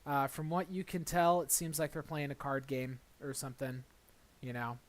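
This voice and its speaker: With a fairly high-pitched voice, a man serves as dungeon master narrating a tabletop role-playing game. His delivery is relaxed and halting, with fillers and restarted sentences.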